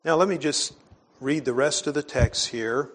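A pastor giving a conversational sermon in a church and reading scripture aloud, earnest and plain-spoken, often letting his phrases trail off quietly. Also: medium pitch, moderate pace.

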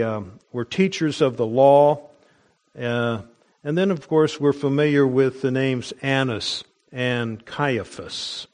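A middle-aged man teaches through a Bible passage in a sermon, his pitch sitting in an ordinary middle register. He speaks slowly and carefully, often pausing and restarting his phrases as he explains. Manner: deliberate, with frequent pauses and restarts.

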